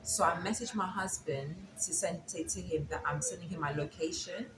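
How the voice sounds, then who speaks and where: A woman with a fairly low voice, talking at a moderate pace, appears as an interview guest and casually tells a story, acting out the dialogue as she retells events. The recording has an echoey room and background noise.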